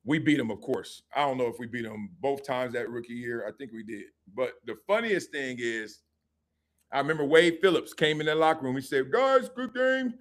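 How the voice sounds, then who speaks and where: A middle-aged man, a former football player, hosting a live sports talk stream and telling stories in a lively, joking way. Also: medium pitch. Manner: animated storytelling with laughs and quick asides.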